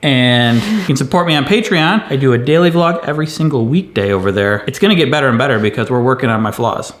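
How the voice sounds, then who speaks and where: A man's voice: mid-range voice, animated, quick pace, fairly bright tone. Brief: middle-aged male vlogger, playful jokey chat, outdoors, faint background noise. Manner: joking, playful. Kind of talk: casual chat.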